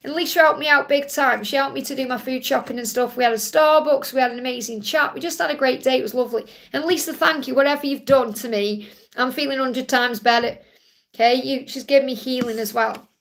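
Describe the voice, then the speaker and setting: A woman's voice: high voice, quick pace, vocal fry, fairly bright tone. A woman hosting a live tarot reading stream, answering viewers' questions in a reassuring, affectionate way and speaking to them directly. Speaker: tarot card reader and live stream host.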